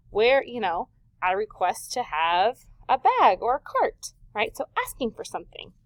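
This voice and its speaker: A woman teaching a recorded vocabulary lesson to young students, patient and clear, drawing words out slowly for the class to repeat and checking in often. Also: a little high, very animated, no echo. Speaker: elementary school teacher.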